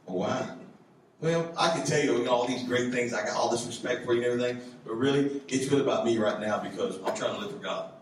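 A man preaching a lively youth sermon as pastor, animated and acting out voices as he jokes with the kids. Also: mid-range voice, fast talker. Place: church youth service hall. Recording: echoey hall, mic from far off, background noise.

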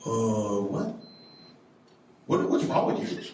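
A man preaching a lively youth sermon as pastor, animated and acting out voices as he jokes with the kids. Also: a little high, moderate pace. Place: church youth service hall. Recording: echoey hall, mic from far off, background noise.

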